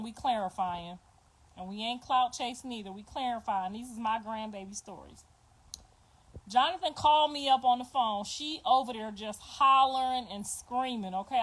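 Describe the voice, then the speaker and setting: Middle-aged woman host, high-pitched, loud and animated storyteller. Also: poor audio. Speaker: podcast host. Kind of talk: casual storytelling.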